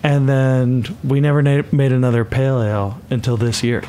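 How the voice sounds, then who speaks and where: A man speaking for a brewery, explaining its beers in a measured, casual way. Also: mid-range voice, little pitch movement, mellow, slight background noise. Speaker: brewery representative. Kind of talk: casual chat.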